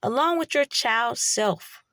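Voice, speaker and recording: A woman's voice: fairly high pitch, expressive, takes it slowly, bright, forceful tone, no room sound, clean studio sound. A woman giving a blunt, heavily profane spiritual monologue in a preachy way. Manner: blunt, heavy swearing, preachy. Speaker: spiritual vlogger.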